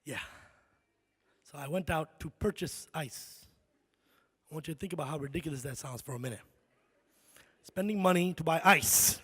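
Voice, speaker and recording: Guy doing standup, high voice, lots of "right?", echoey big hall. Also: normal speed, long pauses, breathy edge. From Chicago, USA. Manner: animated storytelling, frequent "right?" asides. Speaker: stand-up comedian. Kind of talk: live stand-up comedy. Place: concert hall stage. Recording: reverberant concert hall.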